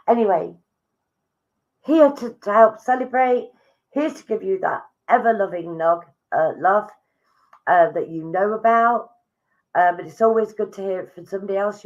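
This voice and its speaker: A woman's voice: lowish voice, vocal fry. A woman giving live psychic readings to viewers online, chatty and affectionate, relaying messages she says come from spirits.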